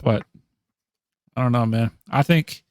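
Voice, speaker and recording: A man's voice: medium pitch, a little slow, a little mellow, dry recording, clean studio sound. A man co-hosting a podcast, talking through draft picks in casual chat, thinking aloud with many ums and restarts. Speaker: podcast co-host.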